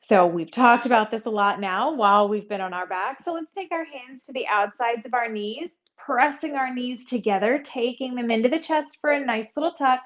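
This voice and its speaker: A woman with a fairly high voice leads a yoga class, talking calmly and casually through each pose and breath. The sound is a little muffled and lo-fi. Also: moderate pace, hardly any pauses. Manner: calm, conversational, with breathy demonstration sounds. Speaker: yoga instructor. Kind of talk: guided yoga class instruction.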